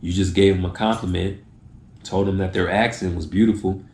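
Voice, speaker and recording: A man's voice: sits low, fairly even intonation, a little fast, darkish tone, roomy sound. A man hosting a video, giving casual tips straight to the camera and acting out little exchanges in other voices. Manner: acts out short exchanges in changed voices.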